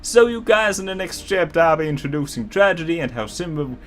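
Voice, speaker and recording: Give me an eager fanfic author with an overdone American accent, pitched up, as a man puts it on. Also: lively intonation, a little fast, a bit bright, faint music behind. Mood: gushing. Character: fanfic author, young, gushing, exaggerated American.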